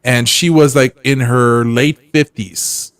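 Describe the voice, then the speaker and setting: A man's voice: mid-range voice, steady tone, slow pace, smooth, no room sound, clean studio sound. A man in casual chat, telling stories in a loose, rambling way full of restarts and trailing asides.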